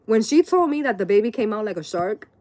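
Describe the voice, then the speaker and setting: A woman's voice: medium pitch, big pitch swings, fast, warm tone. Profane, rambling woman in her late thirties. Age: late 30s. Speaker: tarot reader. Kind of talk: casual live-stream rant.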